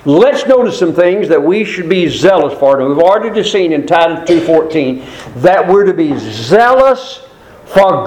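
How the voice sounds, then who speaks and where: A man with a notably high-pitched voice delivers a Sunday sermon. He speaks earnestly and emphatically, putting rhetorical questions to his listeners. He reads scripture passages slowly and deliberately. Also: a little mellow, poor audio. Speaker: preacher.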